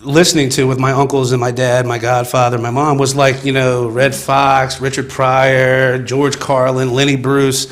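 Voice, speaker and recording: A man's voice: mid-range voice, level tone, normal speed, few pauses. A man, a comedian from Virginia, chatting casually as an interview guest, telling stories with a laugh and acting out what others said. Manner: easygoing storyteller, laughs often, acts out quotes.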